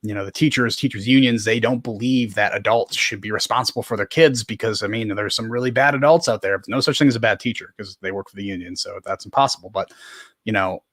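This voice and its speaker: Podcast host, man, low pitch, earnest casual talk, dry sound. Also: fast, fairly bright tone, no room sound. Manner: earnest, many fillers. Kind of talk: casual conversation.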